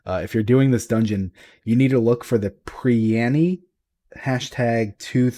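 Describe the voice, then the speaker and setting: A man's voice: medium pitch, measured pace, dry recording. A man co-hosting a casual podcast about a video game's lore, talking in loose, rambling chat with lots of restarts. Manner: rambling, many restarts, excitable swearing when animated. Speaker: podcast co-host.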